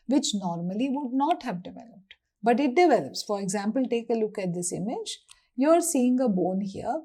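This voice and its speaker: Lively Indian woman lecturing on anatomy. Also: fairly high pitch, breathy edge. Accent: Indian English. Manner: lively, asks and answers her own questions. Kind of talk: classroom lecture.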